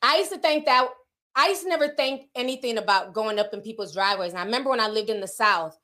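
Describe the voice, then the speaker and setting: Woman, middle-aged, from the northern US, livestream host, casual storytelling, bright tone. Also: a little high, quick pace. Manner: chatty storytelling, animated quoted voices. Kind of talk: casual chat reading live comments.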